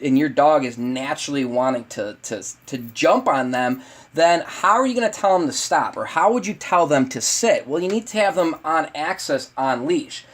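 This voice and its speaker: A man with a slightly high voice teaches dog owners in a loose, chatty webinar. He talks straight to the viewers and calls them "guys," stopping and restarting often. Now and then he bursts into a much higher voice to act out an excited owner. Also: moderate pace. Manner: acts out lively owner voices in high pitch. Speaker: dog trainer.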